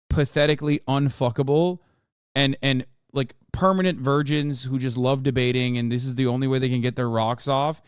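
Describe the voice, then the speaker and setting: A man's voice: mid-range voice, smooth, no echo, studio quality. A man in his thirties streaming casual, profane reaction commentary, ranting and mocking in an exasperated way.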